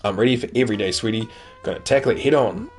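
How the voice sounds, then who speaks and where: A man's voice: fairly low pitch, racing, soft background music, lightly acted. A man voicing a goofy, sentimental widowed father talking to his daughter in a dating-sim game, in his everyday voice. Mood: fond. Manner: fond, jokey.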